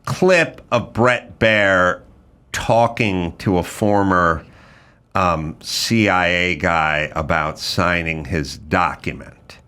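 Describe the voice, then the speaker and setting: A man's voice: low voice, bright, forceful tone, clean tone. A man hosting a podcast, riffing bluntly and profanely in a casual comedic rant. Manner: blunt, profane, riffing with quick mock impressions. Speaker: podcast host.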